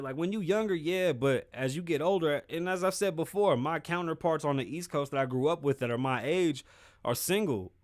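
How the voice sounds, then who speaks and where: A man's voice: fairly high pitch, no room sound. A man hosting his own show, talking candidly about feelings and relationships in casual, profane street slang. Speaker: podcast host. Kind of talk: casual solo commentary.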